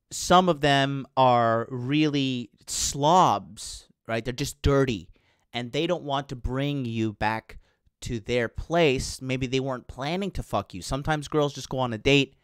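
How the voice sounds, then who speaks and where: Man, dating coach host, crude and profane, rambling live chat talk, mid pitch, dry close sound. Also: fairly bright tone, clean tone, no room sound. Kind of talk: casual livestream talk to chat viewers.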